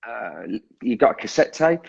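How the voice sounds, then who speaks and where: A man's voice: mid-range voice, sing-song, moderate pace, creaky, darkish tone, husky, highs cut off. A drummer being interviewed, a man talking in a casual, self-deprecating way who laughs often and restarts his sentences. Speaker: guest drummer.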